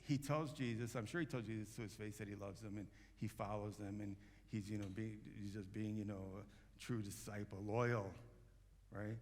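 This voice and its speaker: A man preaching, his low, gravelly voice carrying through a church hall with long reverb. He talks loosely and conversationally, circling back and restarting his phrases as he goes. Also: fairly even intonation, moderate pace, a little mellow. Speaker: pastor. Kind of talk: sermon. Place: church sanctuary.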